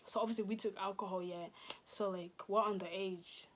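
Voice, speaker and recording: A woman's voice: mid-range voice, moderate pace, a little hiss or hum. A woman, telling a casual storytime, acting out quotes and dropping into whispers. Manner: animated, acts out quotes, drops into whispers. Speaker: vlogger.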